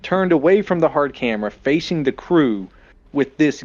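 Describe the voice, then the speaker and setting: A man's voice: on the high side, lively intonation, normal speed, a little mellow, dull audio. A man co-hosting a podcast, chatting casually and crudely about a movie and acting out lines. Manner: joking, crude, quotes scenes in put-on voices. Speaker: podcast co-host.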